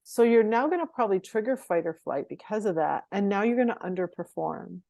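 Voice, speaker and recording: This middle-aged woman talks like a performance coach sharing stories on an interview. Her voice sits at an ordinary mid pitch, recorded close and dry with no room echo. She keeps the telling animated and breaks into light laughs often. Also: a little fast, creaky. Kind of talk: conversational interview storytelling.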